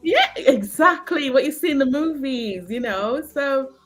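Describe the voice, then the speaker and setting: A woman from Jamaica with a Jamaican accent, a guest telling stories in a casual, animated chat, laughing often and using many fillers. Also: sits high, a little slow.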